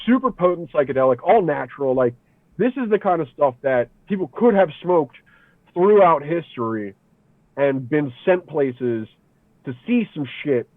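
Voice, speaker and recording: Animated guy telling a wild story over a tinny line. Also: fairly high pitch, moderate pace, dry recording. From Philadelphia area. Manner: animated, swearing, frequent "dude" and "like". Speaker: podcast guest. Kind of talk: casual storytelling. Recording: tinny phone-like sound, dry.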